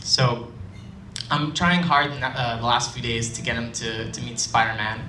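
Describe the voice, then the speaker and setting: A man's voice: medium pitch, fairly even intonation, pushed and bright, a little hiss or hum. Young man telling a story on stage. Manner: conversational and self-deprecating, halting restarts. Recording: roomy live hall, distant mic, faint ambience.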